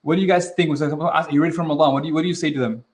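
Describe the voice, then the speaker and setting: A fairly high-voiced man leads an online class in an easygoing, energetic way. He keeps the audience involved and often slips in Arabic religious phrases. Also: very fast. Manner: energetic, casual, acts out quoted reactions. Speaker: webinar host and trainer. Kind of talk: interactive online teaching.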